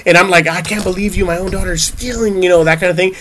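A man's voice: high voice, fast, slight background noise. A man, casually telling a story as a podcast co-host and acting out the quotes. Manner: animated storytelling, acts out quotes. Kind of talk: casual chat.

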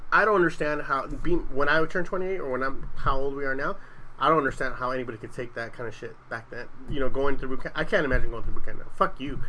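A man's voice: mid-range voice, sharp tone, slight background noise, rough recording. A young adult man telling stories in casual chat, rambling and profane, with lots of restarts.

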